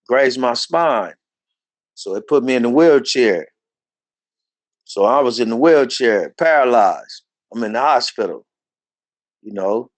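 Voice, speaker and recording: Animated storytelling man, dry sound. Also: no echo. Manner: animated, acts out quoted voices in a higher pitch. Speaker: interview guest telling his life story. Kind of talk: casual storytelling.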